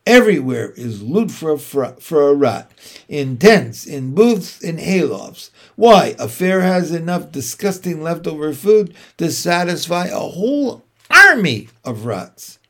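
A man's voice: on the high side, very animated, unhurried, a bit bright, heavily acted. A man reading aloud and voicing an old sheep who persuasively lists treats at length. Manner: listing things at length, persuasive.

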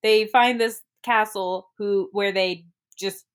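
A woman's voice: mid-range voice, fairly even intonation, slow pace. A woman in casual chat as a podcast co-host, rambling and giggly with many restarts.

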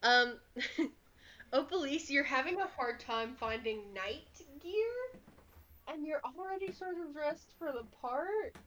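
Slow, bright-voiced woman game master. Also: high voice, lo-fi sound. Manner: slow, relaxed narration with many fillers. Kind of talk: narrating a tabletop game.

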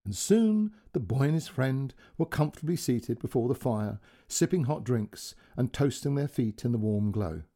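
A male storyteller reading a children's tale aloud, gentle and expressive. His voice is mellow and a little husky, with a lively, rising and falling melody. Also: medium pitch, moderate pace, hardly any pauses. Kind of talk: scripted storybook narration.

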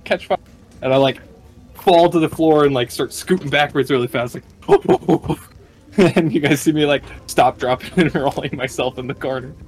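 Laughing, excitable man playing a tabletop game. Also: medium pitch, fairly quick, breathy edge, low-quality recording. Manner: laughing, excitable, swears freely. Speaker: player. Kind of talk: tabletop role-play, in character and out.

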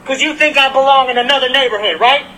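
A man's voice: very high voice, quick pace, pushed and bright, slight background noise, rough recording. A man in a heated, profane confrontation outdoors on a residential street, filming on his phone. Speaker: delivery worker.

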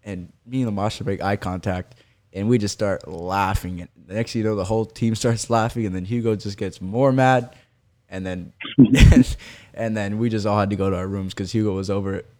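A man's voice: on the low side, steady tone, a little fast, a little mellow. A man on a podcast telling a team story, laughing often as he goes. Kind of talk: casual storytelling chat.

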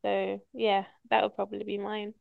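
A woman's voice: mid-range voice, completely flat delivery, normal speed, gravelly, dry recording. A woman hosting a podcast in loose, casual chat, an easy storyteller who swears without a second thought. Her mid-range voice sits close and dry, with no room around it. The sound is a touch dull and lo-fi. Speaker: podcast host.

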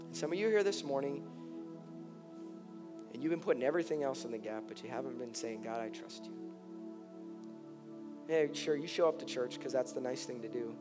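A middle-aged male pastor preaching a sermon, earnest and impassioned, his voice climbing high when he pleads. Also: lively intonation, brisk, long pauses. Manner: impassioned, rising to near-shouted pleas in emotional passages. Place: large church hall. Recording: reverberant church hall with soft music.

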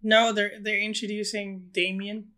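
A podcast co-host with a bright, clear voice who speaks bluntly and eagerly in casual chat. The talk moves along at a brisk pace. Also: mid-range voice, little pitch movement.

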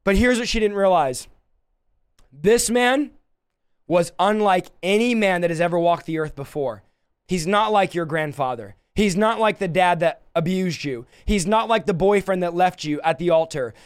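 A man preaching a livestreamed sermon, impassioned, swinging between soft and loud passages. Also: high voice, animated, moderate pace, smooth, dry recording, clean studio sound.

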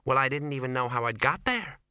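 A man voicing a fiery, paranoid young actress, speaking quickly with anguish and a sharp edge. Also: mid-range voice, animated, smooth, dry recording, studio quality, voice pushed up. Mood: anxious.

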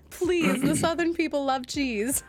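A woman's voice: sits high, takes it slowly, music in the background. A woman co-hosting a casual podcast, bubbly and giggling often between lines. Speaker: podcast co-host. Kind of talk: casual chat, party game.

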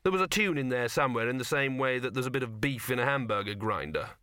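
A man narrating an audiobook in a wry, measured way. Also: mid-range voice, animated, sharp tone, no room sound, clean studio sound. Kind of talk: scripted narration.

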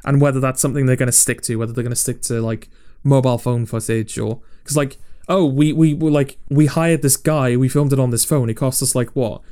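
A man chatting on a podcast, rambling and self-mocking as he talks things over. His voice sits at an ordinary middle pitch and he keeps an easygoing conversational flow. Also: steady tone, a little fast, few pauses, dark tone. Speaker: podcast co-host. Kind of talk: casual podcast chat.

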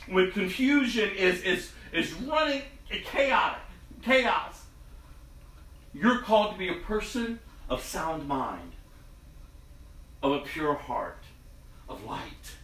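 Guy preaching, chatty storytelling sermon, highish voice, mic kinda far off. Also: fairly bright tone, roomy sound. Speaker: pastor.

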